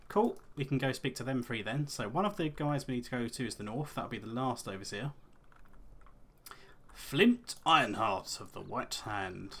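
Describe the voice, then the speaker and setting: A man's voice: mid-range voice, animated, normal speed, a bit bright, slightly rough. A man commentating his own gameplay in a casual, rambling, wry way. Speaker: let's play host.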